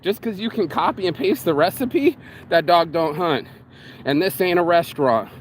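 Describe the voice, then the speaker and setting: A man's voice: high voice, animated, moderate pace. Guy ranting outside, swears a lot, keeps restarting, bit of street noise behind. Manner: profane, rambling, talks in circles with restarts. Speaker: vlogger. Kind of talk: ranting monologue.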